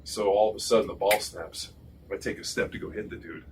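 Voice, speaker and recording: Deep-voiced, fast-talking ex-football lineman. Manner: profane, animated storyteller. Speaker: podcast host, former pro football lineman. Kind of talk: casual storytelling chat. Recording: distant mic with noisy room.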